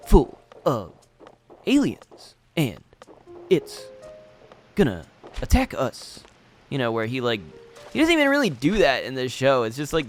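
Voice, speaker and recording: A man's voice: mid-range voice, fairly bright tone. Rambling young man on game commentary. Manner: rambling and meandering. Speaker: let's play host. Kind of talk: casual gameplay commentary.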